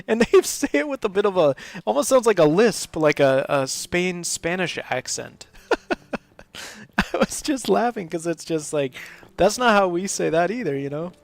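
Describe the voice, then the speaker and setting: A man's voice: sits high, big pitch swings, measured pace, gravelly, no room sound. A man hosting a live game stream, chatting casually and rambling, often breaking into laughs. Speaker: host of a live gaming stream. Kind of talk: casual gameplay commentary.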